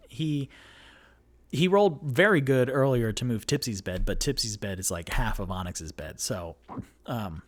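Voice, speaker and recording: A man narrating a solo tabletop game as dungeon master, rambling with many fillers. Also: fairly low pitch. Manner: rambling, filler-heavy, animated.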